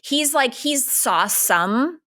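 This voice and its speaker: A woman's voice: sits high, expressive, takes it slowly, sharp tone. A woman in her thirties with a Canadian accent, co-hosting a podcast in a candid, rambling casual chat full of filler words. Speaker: podcast co-host.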